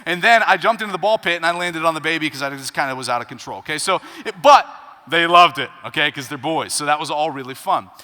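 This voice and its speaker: A man in his thirties delivers a sermon as a pastor, his bright, slightly high voice ringing out in a reverberant sanctuary. He tells stories with sharp swings from quiet asides to loud, emphatic punchlines. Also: animated, fast talker. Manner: storytelling with wide swings between hushed and loud. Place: church sanctuary. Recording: reverberant church hall.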